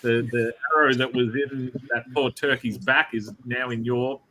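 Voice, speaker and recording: Joking Australian host, man, bright and lively edge. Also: mid-range voice, normal speed, low-quality recording. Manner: jokey, teasing, playful. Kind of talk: casual online show chat.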